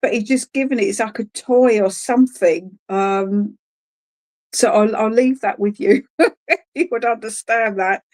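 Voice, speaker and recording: A woman's voice: a little high, unhurried. Hesitant woman medium giving readings. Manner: hesitant and searching, full of ums and restarts; gentle, calls listeners darling. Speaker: spiritualist medium. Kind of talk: live clairvoyant readings at an online church service.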